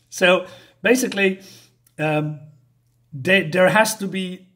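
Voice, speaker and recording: Man, somewhat high-pitched, casual comic review, halting, lots of ums, occasional chuckle. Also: fairly bright tone. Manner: halting, rambling, many fillers.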